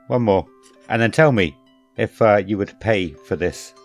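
A man co-hosting a podcast, joking around, stumbling over and correcting his words, reading names in a slow, drawn-out way. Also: fairly low pitch. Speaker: podcast co-host. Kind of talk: casual podcast chat.

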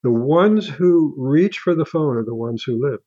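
An older man talks in a mellow, soft-edged voice, stopping and restarting his sentences as he goes. The sound is dry and slightly dull. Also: a little high, animated, no echo. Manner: halting, with many restarts and fillers. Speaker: guest author. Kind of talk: casual interview talk.

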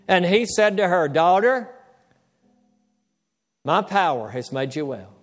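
A man with a high-pitched voice delivers a sermon as a pastor. He calls out for amens from the congregation and slows his pace to lean on the words that matter. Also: expressive, in a large hall. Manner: preaching with call-and-response, slowing to stress key words.

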